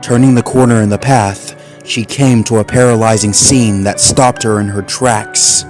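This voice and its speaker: A man narrating a suspenseful animal story in a measured, scripted way. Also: fairly low pitch, steady tone, a little mellow, soft background music.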